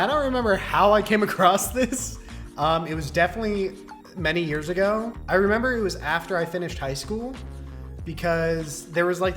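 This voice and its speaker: Playful young man, slightly high voice. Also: a bit bright. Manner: playful, joking, laughs often. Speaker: video commentator. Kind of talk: casual reaction commentary.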